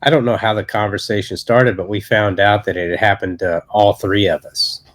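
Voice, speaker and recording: A man in his thirties, an associate pastor, telling his personal testimony in a podcast interview in a halting, earnest way with many restarts. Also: fairly low pitch, fairly even intonation, a bit bright.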